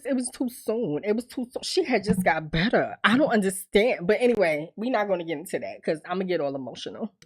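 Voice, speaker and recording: Animated, laughing woman recapping TV. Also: medium pitch. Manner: animated, profane, laughs often; acts out characters' lines in quick impressions. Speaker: TV recap host. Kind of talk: casual TV recap monologue.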